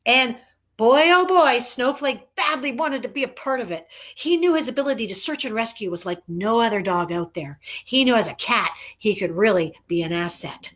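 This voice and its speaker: Animated woman reading her children's book. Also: a little high, moderate pace. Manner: animated, emphatic, chatty. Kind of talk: children's storytelling.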